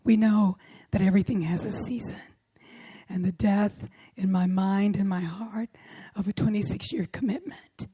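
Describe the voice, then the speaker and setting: A middle-aged woman minister with a hoarse, worn voice, delivering a sermon and often dropping to a whisper for emphasis. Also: medium pitch, fairly even intonation, moderate pace, mellow, no room sound. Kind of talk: sermon with opening prayer.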